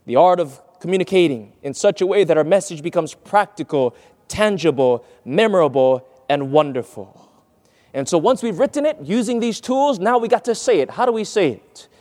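Man preaching, voice jumps all over, high and lively, long echo like a big hall. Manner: emphatic, drawn-out key words, addresses listeners as friends. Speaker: preacher teaching on speech. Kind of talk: sermon lecture with quoted readings.

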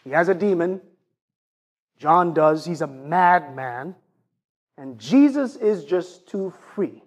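A man preaching a sermon in an animated, conversational way, often turning to ask his congregation questions. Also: fairly high pitch, slow pace.

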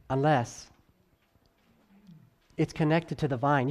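Lively in intonation, this male pastor's sermon moves from emphatic, loud bursts to hushed stretches. He pronounces key words slowly and deliberately, with conversational asides and stammered restarts along the way.

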